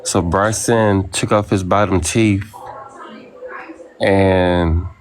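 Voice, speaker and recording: A man on a livestream, telling gossip in a slow, meandering way. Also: deep voice, fairly even intonation, slight background noise.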